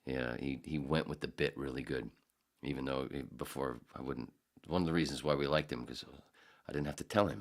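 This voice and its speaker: A man in his forties hosting a podcast, rambling casually with profane jokes and quick impressions. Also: a bass voice, fairly even intonation. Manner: profane, jokey, slips into impressions. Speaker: podcast host.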